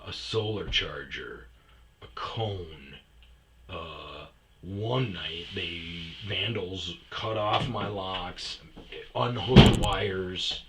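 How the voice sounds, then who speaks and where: A man with a low, forceful voice tells a story in a loose, casual way. He is animated and swears a lot.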